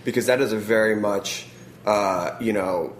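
A man's voice: lowish voice, measured pace. A man hosting an interview, asking long, winding questions full of fillers. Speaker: podcast host, interviewer. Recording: roomy sound with faint noise.

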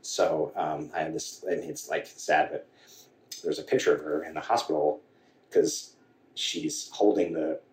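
A man guest telling a personal story in a halting way, with many restarts and quoted dialogue. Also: a bass voice. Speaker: podcast guest. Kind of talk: candid storytelling conversation. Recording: echoey room, voice from a distance.

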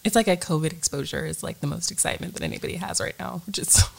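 A woman's voice: fairly low pitch, rapid-fire, gravelly. A young woman co-hosting a casual chat, telling stories with laughs and quoting herself. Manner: laughing, storytelling, quotes herself. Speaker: podcast co-host, teacher.

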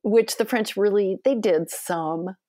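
A woman cookbook author and cooking teacher, talking in an expressive, enthusiastic way in a podcast interview. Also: mid-range voice, takes it slowly, no echo, studio quality. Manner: chatty, expressive, enthusiastic storytelling.

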